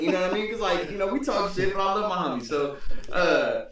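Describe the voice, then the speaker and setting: Fast-talking man in an echoey room. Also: high voice, expressive, a crowd in the background. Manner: storytelling with profanity and laughter. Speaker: podcast host. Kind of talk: casual chat. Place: room with several people. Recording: echoey room, distant mic, talk behind.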